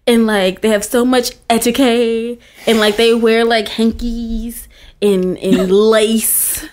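A woman's voice: on the high side, steady tone, takes it slowly, a little mellow. A woman in her twenties, a podcast guest chatting casually and laughing often. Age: 20s. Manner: giggly, lots of "like" fillers.

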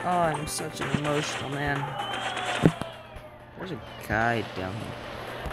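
A young man casually commenting on his own game, joking and shouting at teammates. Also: on the high side, slow, pauses often. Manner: excitable, jokey, shouts at teammates. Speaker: gameplay commentator. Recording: game music behind.

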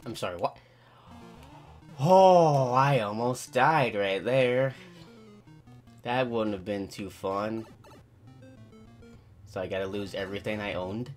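A man hosting a gaming channel, giving excitable let's play commentary and talking to himself as he plays. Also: lowish voice, slow pace, pauses often, faint music behind. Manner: excitable, talks to himself while playing.

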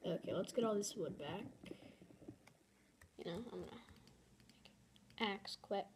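A woman's voice: medium pitch, a little slow, pauses often, a little hiss or hum. A young woman giving casual, dramatic commentary over her own gameplay. She is easily flustered and repeats her exclamations. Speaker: gamer.

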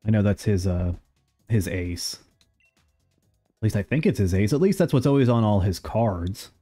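A young man streaming a game and chatting casually, rambling along with sudden excited outbursts. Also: lowish voice, unhurried, soft background music. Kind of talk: casual live gameplay commentary.

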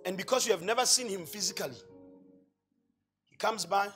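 A man preaching a sermon, telling a long story and swinging between loud shouting and quiet, hushed asides. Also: high-pitched, a little fast, soft background music.

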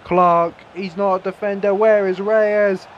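A young man commentating his own football video game, excitable, swearing and shouting at his players. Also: high-pitched, a little slow, highs cut off, a little hiss or hum. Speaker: gaming YouTuber.

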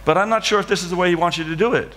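A man voicing a kindly older male limo driver who gives gentle advice. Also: high-pitched, rapid-fire, long reverb tail. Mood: advising.

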